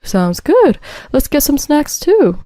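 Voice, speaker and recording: Brief: woman reading a composed young roommate, reassuring, a bit brighter than her narration. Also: sits high, slow pace, dry recording, clean studio sound, faint music behind, pitched above the performer's own voice, exaggerated voice. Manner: reassuring, steady. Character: calm, self-assured young woman friend.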